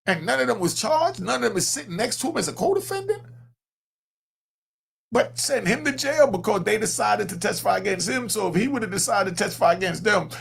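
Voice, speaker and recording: A man's voice: high voice, expressive, fairly quick, gravelly, breathy edge. A man hosting a podcast, giving blunt, profane, street-style commentary with lots of energy. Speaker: podcast host. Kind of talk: casual opinionated commentary.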